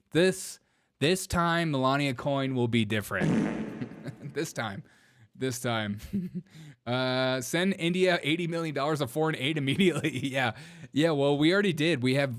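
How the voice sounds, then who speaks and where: A man hosting a livestream commentary show, animated and giggly, laughing through his words. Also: mid-range voice, a little hiss or hum. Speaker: show host.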